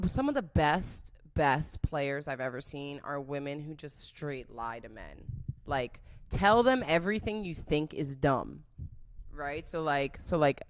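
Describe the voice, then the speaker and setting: A woman's voice: sits low, a bit bright. Brash, crude woman podcast host. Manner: brash, crude, jokey, mimics voices in quotes. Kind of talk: unfiltered comedic sex talk.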